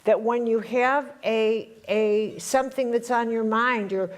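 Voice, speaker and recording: A woman teaching a spiritual workshop to a live group, her voice sitting fairly high. She speaks slowly and unhurriedly, talking conversationally and teasing people as she questions the room. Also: fairly even intonation. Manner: conversational and teasing, quizzing the audience. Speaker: workshop leader.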